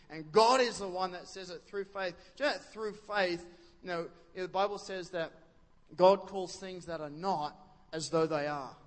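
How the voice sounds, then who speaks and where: In a large hall, a male pastor delivers a sermon at a moderate pace in a high voice. The delivery feels like conversation: he keeps stopping to ask the congregation questions and restarts himself often.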